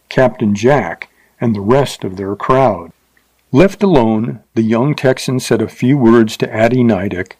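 A male narrator reads an old Western story in a steady, measured way. His voice sits at a middle pitch for a man. The recording is close and dry, with no room sound. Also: no room sound, low-quality recording. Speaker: audiobook narrator. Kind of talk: scripted narration of a Western novel.

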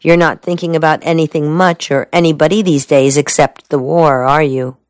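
A woman's voice: low-pitched, fairly even intonation, moderate pace, no room sound, clean studio sound, lightly acted. A woman reading the part of a teasing, evasive young woman with a mocking drawl in an audiobook. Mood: wistful.

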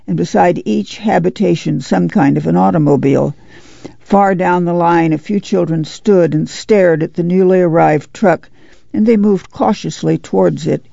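A man narrates an audiobook with a heavily gravelly, mellow voice. His delivery is slow, and the recording is dry and a bit dull. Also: fairly high pitch, no room sound. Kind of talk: scripted narration.

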